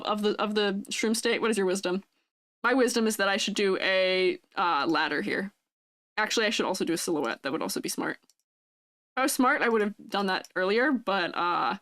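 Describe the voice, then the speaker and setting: A woman's voice: fairly high pitch, fairly bright tone. A woman in her twenties chatting casually on a live stream, bubbly and giggly as she reads and answers chat. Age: 20s. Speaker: vtuber streamer.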